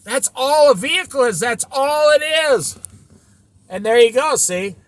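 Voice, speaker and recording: High, lively-voiced man lecturing on van life. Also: measured pace, dry recording. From United States. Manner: preachy, repetitive, emphatic rhetorical questions. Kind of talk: opinionated casual monologue.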